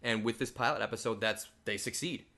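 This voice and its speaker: A man co-hosting a casual podcast, agreeable and quick to chime in with short affirmations. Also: lowish voice, fairly even intonation, pushed and bright. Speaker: podcast co-host.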